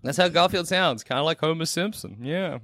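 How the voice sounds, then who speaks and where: Bright-voiced playful podcast host, man. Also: a little high, brisk, no room sound, clean studio sound. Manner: playful, jokey, laughs often. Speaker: podcast host reviewing games. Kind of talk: casual chat.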